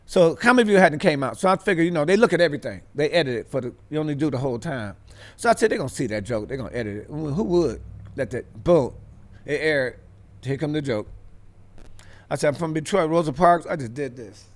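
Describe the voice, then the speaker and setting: A man's voice: on the high side, expressive, a little fast. A comedian man from the Midwest, animatedly telling comic stories as a talk-show guest and acting out other people's voices with street slang.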